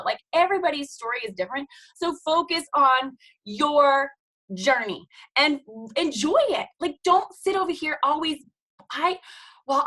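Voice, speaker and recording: A woman's voice: high voice, pushed and bright, poor audio. A woman, likely in her thirties, giving an emphatic, preachy motivational talk to her team on a video call, full of "you guys" and "okay?". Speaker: team leader speaking on a team call.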